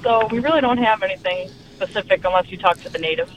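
A woman's voice: mid-range voice, fast, low-quality recording. A woman from Alaska, a guest chatting casually on a podcast and laughing easily.

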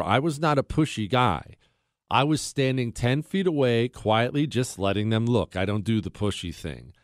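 A male talk radio host delivers his monologue with a lively voice that jumps up and down in pitch. He drops sarcastic asides as he tells a story. The sound is dry and close, with no room echo.

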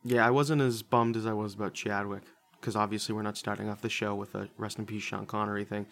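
A man's voice: fairly low pitch, little pitch movement, quick pace, fairly bright tone. A man hosting a podcast in casual chat, crude, joking and offhand. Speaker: podcast host.

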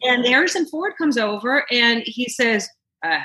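A woman telling a story as a guest in casual chat, animated and laughing often. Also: fairly high pitch, normal speed, rough recording. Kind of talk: casual anecdote.

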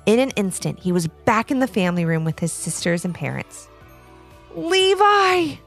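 A woman host narrating a children's story in an expressive, animated way. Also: fairly low pitch, a little fast, soft background music.

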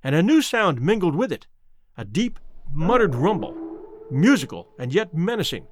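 A man narrating a classic novel as an audiobook in a dramatic, expressive way. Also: fairly high pitch, moderate pace, slight background noise.

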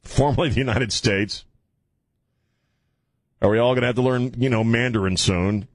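A man's voice: medium pitch, moderate pace, pauses often, no room sound. A man hosting a casual talk radio show in a studio, rambling, joking and laughing with crude asides. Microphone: studio mic.

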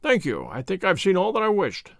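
A man voicing a cool, commanding Victorian detective who speaks crisply and curtly. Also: sits high, huge pitch swings, brisk, fairly bright tone, dry recording, clean studio sound, heavily acted. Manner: crisp and curt.

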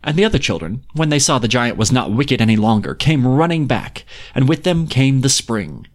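A man narrates a fairy tale in an even, expressive voice. In conversation he turns chatty and relaxed, often restarting his sentences. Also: medium pitch, normal speed. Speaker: podcast host and reader. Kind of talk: expressive story reading, then casual chat.

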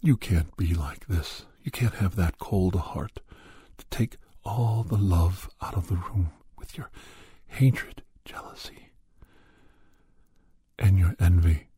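A man voicing a gentle, coaxing male cat, speaking slowly and soothingly. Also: sits low, slightly rough, dry recording, voice pushed down, heavily acted. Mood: pleading.

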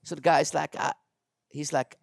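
Gravelly man telling animated stories. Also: on the high side, moderate pace, dry recording, studio quality. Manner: animated storyteller, acts out quotes, laughs often. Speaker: dog trainer and podcast host. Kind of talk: casual storytelling chat.

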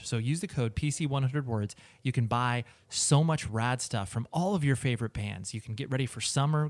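A male podcast host with a voice of middling pitch. He talks with eager enthusiasm but stumbles through his questions, leaning on fillers like "um" and "you know.". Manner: enthusiastic, hesitant, lots of fillers. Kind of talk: casual interview and ad read.

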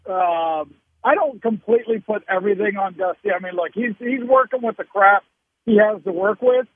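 High, husky male caller, frustrated and rambling, phone-line sound. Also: no echo. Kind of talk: call-in sports radio rant. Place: calling in by phone.

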